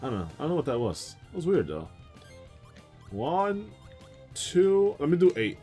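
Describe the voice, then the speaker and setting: A man's voice: fairly high pitch, huge pitch swings, normal speed, mellow, soft background music. A young man streaming a video game, telling a rambling story with lots of fillers and asides. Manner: rambling, chatty anecdotes with frequent laughs and fillers. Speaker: gaming streamer. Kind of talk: casual let's-play storytelling.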